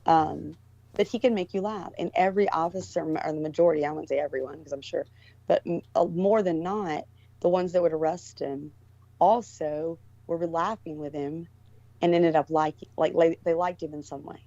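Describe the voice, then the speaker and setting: Low-voiced woman telling a rambling story. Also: normal speed, mellow, no echo. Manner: rambling, with many restarts and fillers. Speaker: guest. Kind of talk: casual storytelling. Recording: dull lo-fi recording.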